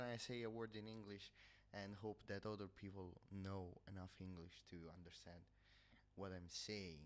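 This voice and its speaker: Talking casually on a livestream over a headset mic, this Italian man uses English with a noticeable Italian accent. He has a low voice with little pitch movement and a moderate pace, sounds nasal, and keeps pausing hesitantly as he hunts for words.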